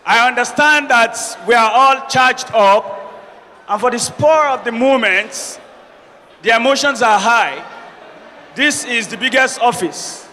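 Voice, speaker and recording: A man moderates a student debate, projecting a high, sharp voice over the room. He pleads formally and insistently, repeating his requests. His voice rings with long reverb, with faint noise behind. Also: a little slow. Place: large hall with a noisy student audience. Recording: reverberant hall with background noise.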